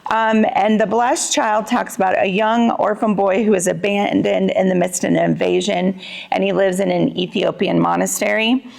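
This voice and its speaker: A woman's voice: medium pitch, fairly even intonation, moderate pace, gravelly, a little mellow. A woman co-hosting a show, walking through a simple recipe and talking about books in an easygoing way, laughing often. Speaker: co-host and executive producer. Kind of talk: casual cooking and book chat.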